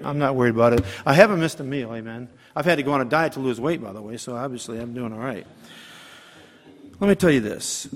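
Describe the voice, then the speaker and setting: Emphatic preacher man, hall echo. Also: fairly high pitch. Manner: emphatic, calls for amens and asks rhetorical questions. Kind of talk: sermon. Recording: long hall reverb.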